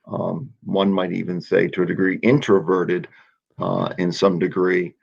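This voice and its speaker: A man's voice: low voice, flat delivery, measured pace, gravelly, darkish tone, slightly rough, lo-fi sound. A man, a soccer coach, chatting in a casual radio interview, joking about himself and often restarting his sentences. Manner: self-mocking, restarts often.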